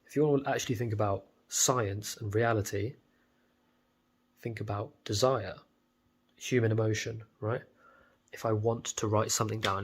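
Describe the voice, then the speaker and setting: Husky-voiced blunt British young man. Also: on the low side, fairly even intonation, moderate pace, pauses often. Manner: blunt, profane, rambling. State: stuffy with a cold. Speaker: vlogger. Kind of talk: casual monologue to camera.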